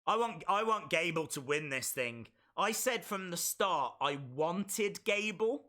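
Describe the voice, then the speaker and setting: Male stream host, bright and slightly high voice, unhurried but excitable, jokes at his own expense. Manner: excitable, chatty and self-mocking. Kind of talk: live wrestling reaction commentary.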